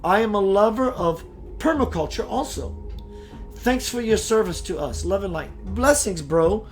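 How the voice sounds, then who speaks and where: A man hosting a live-streamed spiritual talk, greeting viewers, reading their comments and shifting into slow, preachy passages. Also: high voice, expressive, faint music behind. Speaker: spiritual livestream host.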